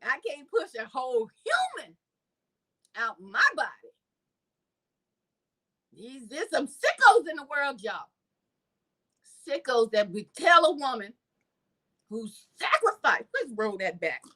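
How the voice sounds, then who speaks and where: A woman's voice: sits high, unhurried, long pauses. A woman, hosting her channel in casual, chatty commentary and addressing her viewers directly. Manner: lively, chatty, addresses viewers as y'all, laughs. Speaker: channel host.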